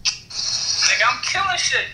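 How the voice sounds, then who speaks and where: A man's voice: high-pitched, sing-song, takes it slowly, bright, forceful tone, rough recording. A young man in a casual video chat, brash, joking and full of slang. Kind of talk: casual chat and freestyle rap.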